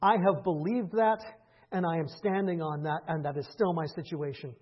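A man preaching a conversational sermon, rising into impassioned stretches and then falling quiet again. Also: fairly high pitch, moderate pace, husky, dull audio. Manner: conversational preaching, builds to impassioned peaks with laughs. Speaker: pastor.

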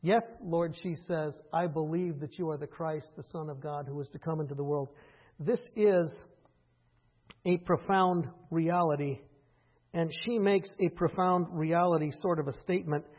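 A man preaching a conversational sermon, rising into impassioned stretches and then falling quiet again. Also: on the high side, steady tone, moderate pace, dull audio. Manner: conversational preaching, builds to impassioned peaks with laughs. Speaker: pastor.

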